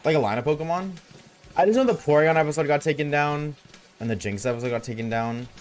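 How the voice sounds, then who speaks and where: A man's voice: on the high side, quick pace. A man streaming a game and chatting casually with his viewers, laid-back and slangy, reading chat aloud.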